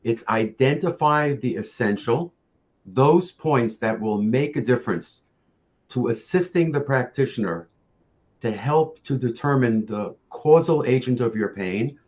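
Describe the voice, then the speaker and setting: A man presenting a lecture on facial pain, speaking in a measured storytelling way with occasional fillers and restarts. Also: medium pitch, lively intonation, a little mellow. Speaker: orofacial pain practitioner presenting.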